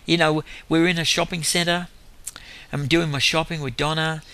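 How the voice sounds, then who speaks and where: A man's voice: fairly high pitch, level tone, moderate pace, very noisy. A man with an Australian accent tells faith stories in a rambling way, chuckling between them and correcting himself as he goes. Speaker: lay minister. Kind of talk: storytelling testimony.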